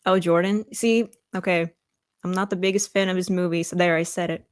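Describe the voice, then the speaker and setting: Enthusiastic guest woman, low dry voice. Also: steady tone, brisk, no echo. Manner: enthusiastic, blunt opinions. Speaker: livestream guest. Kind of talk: casual chat.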